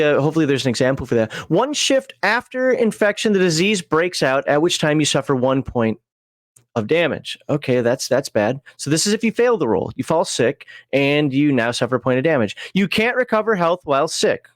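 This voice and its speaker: A man's voice: a little high, no echo, studio quality. A man casually reading game rules on a livestream, rambling with frequent chuckles and side tangents. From American Upper Midwest.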